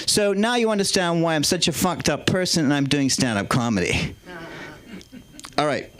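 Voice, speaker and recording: A man's voice: on the high side, lively intonation, normal speed, fairly bright tone. A man doing a crude, rambling stand-up set and working the crowd with call-and-response. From England. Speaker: stand-up comedian.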